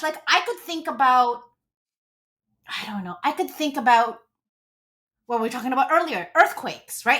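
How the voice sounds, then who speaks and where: A woman in her forties, a relationship coach, talking as an interview guest in a gushing, animated storytelling way. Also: high voice.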